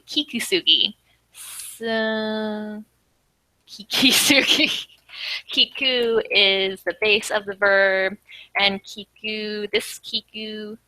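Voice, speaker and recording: Bright, slow-talking woman tutor. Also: mid-range voice, no room sound, poor audio. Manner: chatty, laughs often while explaining. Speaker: Japanese language teacher. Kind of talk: casual tutoring.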